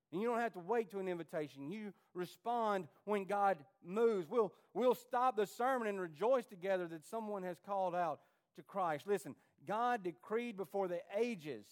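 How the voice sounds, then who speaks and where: Male pastor with a high voice, preaching a fervent, pleading sermon. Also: expressive, moderate pace. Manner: impassioned preaching, pleading then rising. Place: church.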